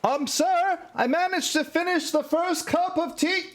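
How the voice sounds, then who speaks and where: A man voicing a meek, fussy male sidekick doctor who makes tea, in a high falsetto. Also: measured pace, a bit bright. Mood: nervous.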